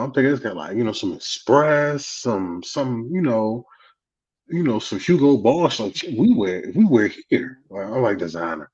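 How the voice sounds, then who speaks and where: Husky man telling stories on lo-fi audio. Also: medium pitch, sing-song, normal speed, darkish tone. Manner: acts out quotes in voices, profane. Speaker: podcast co-host. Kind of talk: casual storytelling.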